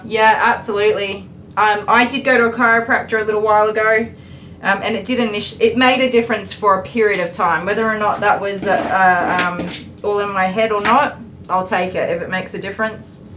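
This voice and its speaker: A woman's voice: medium pitch, fairly even intonation, a little fast, fairly bright tone, a little hiss or hum, rough recording. An Australian woman grooming a dog on a live stream, coaxing it in a soothing way while chatting to her viewers.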